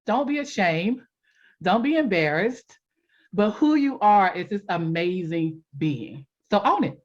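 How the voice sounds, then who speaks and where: A woman guest on a podcast telling a personal story in a casual interview, animated and quick to laugh. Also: medium pitch, highs cut off. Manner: animated, laughs often, acts out quotes. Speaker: podcast guest, life coach.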